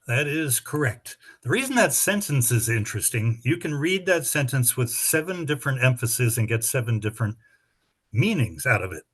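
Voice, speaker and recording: A middle-aged man running a spelling bee speaks at an ordinary middle pitch and normal speed, his voice a bit bright and husky, with lively intonation. He reads the rules and practice words to teams, explaining the rules at length and giving each word a sample sentence. His manner is chatty and explanatory, with dry humor.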